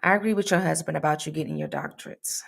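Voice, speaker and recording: Woman with a lowish voice, true crime host chatting live with viewers, laughs easily and keeps calling them y'all. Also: wildly swooping pitch, fast, gravelly. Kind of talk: casual live chat with viewers.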